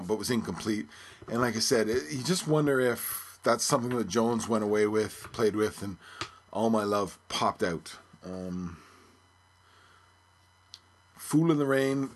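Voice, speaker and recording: Podcast host, male, husky and a touch low, musing casually on the music. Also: fairly bright tone. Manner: musing, thinking aloud.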